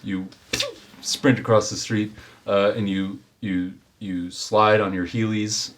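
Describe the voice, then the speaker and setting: A deep-voiced man narrating a tabletop game as its game master. He speaks in a laid-back, rambling way and fills the gaps with plenty of ums and uhs. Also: little pitch movement, takes it slowly.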